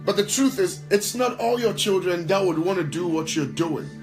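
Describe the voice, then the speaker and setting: A man's voice: high-pitched, lively intonation, moderate pace, faint music behind, poor audio. A man who is a worship leader and pastor, answering in an interview with emphatic, preacher-like talk and repeating phrases for stress.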